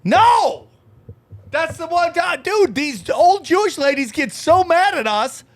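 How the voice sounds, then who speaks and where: A man's voice: very high voice, unhurried. A man hosting a podcast in casual comedic chat, telling rambling, profane stories. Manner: animated storytelling with put-on voices. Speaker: podcast host.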